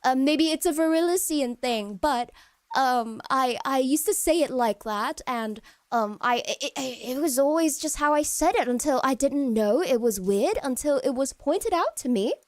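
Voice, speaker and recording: A woman casually chatting to viewers on a live stream, wandering and hesitant with lots of fillers and restarts, often trailing into soft, low murmurs. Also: expressive, normal speed, no room sound, clean studio sound.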